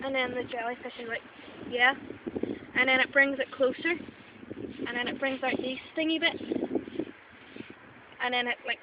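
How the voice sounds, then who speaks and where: High-voiced Northern Irish woman, rambling. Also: steady tone, normal speed, long pauses. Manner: rambling, playful, lots of "wee" and "right?". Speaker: mock expert. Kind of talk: improvised mock documentary. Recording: dull lo-fi camera audio with loud background noise.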